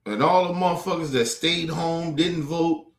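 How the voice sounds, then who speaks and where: A man's voice: fairly high pitch, normal speed, roomy sound. A man ranting about politics on a stream, heated, profane and repetitive. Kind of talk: ranting commentary. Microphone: streaming mic.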